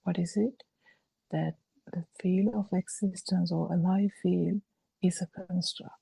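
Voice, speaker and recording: A woman giving a slow, halting Buddhist dharma talk over a video call, with frequent fillers. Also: on the low side, fairly even intonation, gravelly, warm tone, husky, dry recording, rough recording. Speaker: Buddhist teacher.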